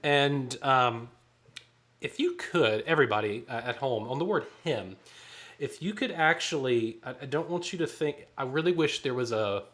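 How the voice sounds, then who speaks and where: At a normal pace and with lively intonation, a choir director with a medium-pitched, fairly bright voice guides rehearsal. He counts off the beats and sings snippets of lines to show how they go.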